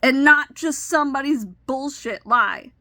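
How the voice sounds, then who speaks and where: A woman's voice: high-pitched, measured pace, bright, forceful tone, no echo. A woman in her thirties telling a personal story with emotional, indignant retelling. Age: 30s. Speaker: vlogger.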